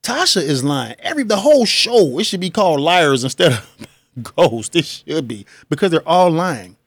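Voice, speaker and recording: A man's voice: on the high side, sing-song, normal speed, a bit bright, no echo. A man hosting a podcast, talking casually and emphatically, with slangy asides and frequent laughs. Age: adult with children. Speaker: podcast host. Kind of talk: casual solo commentary.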